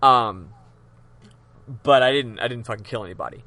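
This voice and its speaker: A podcast host with a medium-pitched, sharp-toned voice and no echo talks at a normal speed. He casually recaps a game's story, his chat loose and profane and full of ums.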